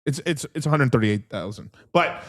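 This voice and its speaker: A young man hosting a crypto livestream in a casual, rambling chat, swearing constantly and getting excitable as he talks. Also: medium pitch, moderate pace. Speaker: crypto stream host.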